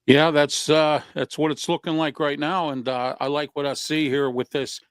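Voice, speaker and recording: A man, a guest on a talk show, chatting casually about wrestling in a halting way with many fillers. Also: fairly high pitch, flat delivery, clear, resonant tone, no echo, studio quality.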